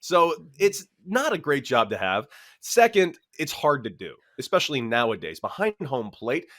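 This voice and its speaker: A man in his thirties, a former pro ballplayer on a sports talk show, telling stories with lively, animated delivery. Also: mid-range voice, normal speed. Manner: lively, animated storyteller, acts out both sides of arguments. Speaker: former pro baseball catcher, show panelist. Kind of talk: casual sports talk storytelling.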